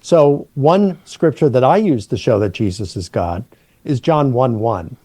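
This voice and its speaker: A middle-aged man, a New Testament professor, patiently explaining Greek grammar and slowing down to stress key words. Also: medium pitch, animated, mellow, husky, no echo.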